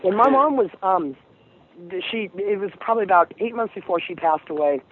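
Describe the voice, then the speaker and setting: Woman caller, earnest, halting with ums, tinny phone line, faint hiss. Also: mid-range voice, animated. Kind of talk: call-in storytelling.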